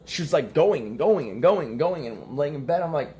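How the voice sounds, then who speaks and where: A man's voice: on the high side, expressive, brisk, dark tone. A young man telling a story in casual stream talk, acting out the quoted lines and laughing between them.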